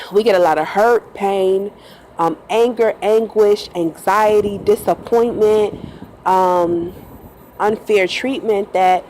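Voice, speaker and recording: A woman bus driver talks through a story from her past in a loose, chatty monologue, often breaking into laughs and acting out what people said. Her voice sits at a middle pitch. A faint noise hums behind her. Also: a little mellow, poor audio. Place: in a bus at night.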